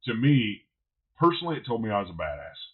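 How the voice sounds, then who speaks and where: A man who is a barbecue pitmaster, guesting on a podcast and telling stories in a blunt, animated way, swearing freely. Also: fairly low pitch, fast talker, slightly rough, phone-quality sound. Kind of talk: casual podcast storytelling.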